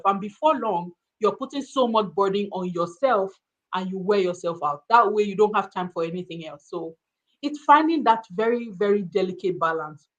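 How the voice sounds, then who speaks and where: A woman from Africa hosting a casual interview, asking her guest questions in an animated way. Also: medium pitch, moderate pace. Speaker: host.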